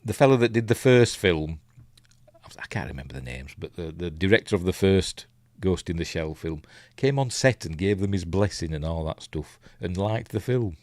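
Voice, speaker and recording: Low-voiced Yorkshire man rambling. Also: expressive, normal speed, dry recording. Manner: rambling and hesitant, many ums and restarts; chuckles at his own asides. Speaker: film reviewer hosting a live watch-along. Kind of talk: casual live commentary, reading chat.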